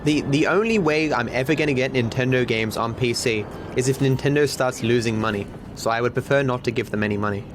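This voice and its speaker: A man's voice: medium pitch, brisk, few pauses, noisy background. An Australian man giving casual livestream gaming commentary, candid and self-deprecating, swearing freely. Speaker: streamer.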